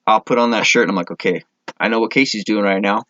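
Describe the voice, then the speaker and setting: A man's voice: fairly low pitch, fast, pushed and bright, highs cut off, slight background noise. A man from Minnesota chatting casually to camera in his vlog, rambling, correcting himself and getting enthusiastic. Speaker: vlogger.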